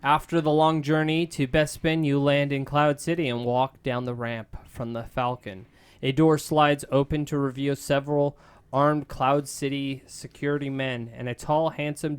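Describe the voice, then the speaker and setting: A man's voice: mid-range voice, clear, resonant tone. A man casually reading a gamebook aloud to friends, with frequent filler sounds between sentences. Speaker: reader of a gamebook.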